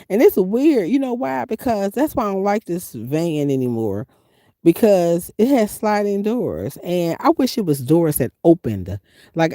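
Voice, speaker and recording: A woman from the US Midwest, a van-life vlogger chatting casually with viewers and telling her travel stories with animated, emphatic delivery. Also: no room sound. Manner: animated, emphatic storytelling with big pitch swings. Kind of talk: casual livestream chat.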